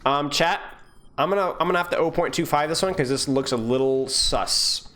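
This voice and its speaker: A man's voice: on the high side, moderate pace, a bit bright. A young man coaching live on stream, reviewing gameplay in a casual, joking way and answering his viewers. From United States.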